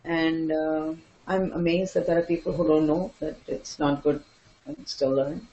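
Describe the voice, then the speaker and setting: Older woman guest, expressive raconteur who mimics people. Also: sits low, measured pace, muffled recording. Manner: animated, laughing, acts out quoted voices. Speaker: dance teacher and guest. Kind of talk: storytelling interview answers.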